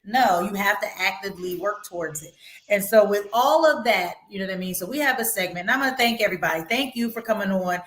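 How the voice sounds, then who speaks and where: A woman hosting a podcast, talking in an energetic, emphatic casual way. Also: mid-range voice, fast talker, echoey room. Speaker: podcast host.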